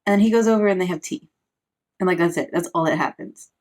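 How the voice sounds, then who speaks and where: A woman's voice: lowish voice, fast, darkish tone. A woman, a parent, giving a casual, sarcastic recap of a book, full of "like" fillers. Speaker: book reviewer.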